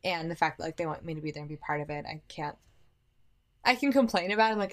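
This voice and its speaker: A woman's voice: deep voice, quick pace. A young woman from California, a podcast guest, telling stories in a casual chat with a self-mocking Valley Girl lilt.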